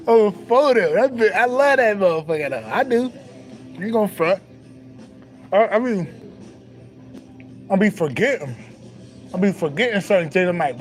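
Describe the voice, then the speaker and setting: A man's voice: high-pitched, big pitch swings, unhurried, pauses often, faint music behind, rough recording. A young man, talking casually and profanely with swagger, laughing often. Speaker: spiritual talk host. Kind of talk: casual spiritual monologue.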